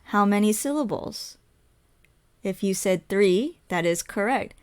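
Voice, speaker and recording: A woman teaching an English lesson in a slow, patient way, saying example words and repeating them. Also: mid-range voice, expressive, clear, resonant tone. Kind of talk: ESL lesson.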